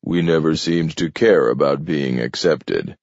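A man doing a sly, self-assured mutant who drawls mildly and mocks under his breath. The voice sits very deep and low-key. The read is dry and somewhat dull in tone. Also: a little slow, darkish tone, no echo, exaggerated voice. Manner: mild, easygoing and mocking. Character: sly, amused male mutant, self-sufficient. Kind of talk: audiobook character voice.

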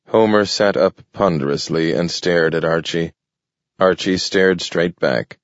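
Deep, slow-paced male narrator. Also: no room sound, dull audio. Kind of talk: audiobook narration.

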